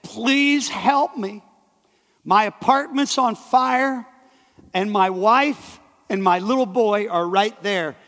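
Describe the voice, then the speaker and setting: A man voicing a frantic young man who begs desperately for help, at times shouting. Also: high voice, normal speed, vocal fry. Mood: pleading. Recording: long hall reverb.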